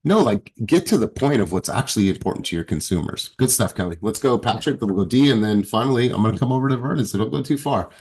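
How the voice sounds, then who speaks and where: A man's voice: fairly low pitch, fast, hardly any pauses, breathy edge. A man coaching a sales team on a video call, blunt and profane, acting out client dialogue. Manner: blunt, profane, animated, acts out quotes.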